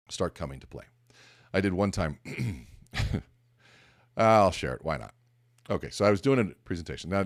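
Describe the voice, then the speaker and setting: Man, podcast host, motivational talk, animated storytelling, deep voice, dry studio sound. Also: no room sound. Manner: animated storyteller, acts out dialogue.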